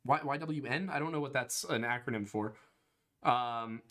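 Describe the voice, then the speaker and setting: A man's voice: mid-range voice, moderate pace, bright, forceful tone. A young man from Pennsylvania co-hosting a casual livestream podcast, reading donation messages aloud and laughing often.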